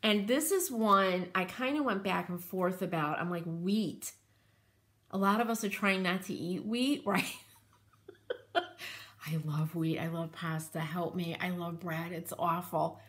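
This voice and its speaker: A woman's voice: fairly low pitch, measured pace, a bit bright. A woman hosting a craft channel, chatting casually and gushing with enthusiasm while rambling through asides. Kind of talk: casual show-and-tell chat.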